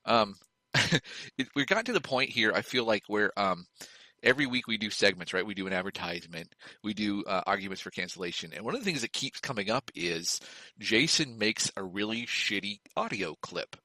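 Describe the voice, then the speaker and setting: Bright-voiced, animated podcast guy. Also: lowish voice, moderate pace, dry recording, poor audio. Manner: animated, chatty, jumping between thoughts. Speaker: podcast co-host. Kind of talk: casual podcast chat.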